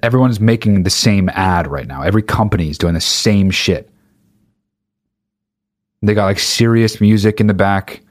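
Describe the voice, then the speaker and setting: A man's voice: on the low side, normal speed, long pauses, no echo, studio quality. A man delivering an exasperated, profane comedic rant, swearing constantly and speeding up as he gets angrier.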